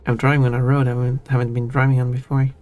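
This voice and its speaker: A man talks casually with his viewers during a gaming stream, rambling and amused at himself. His voice sits at an ordinary pitch for a man. Soft music plays faintly behind him. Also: flat delivery, very fast. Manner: chatty, self-amused, restarts and trails off. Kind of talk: casual chat while gaming.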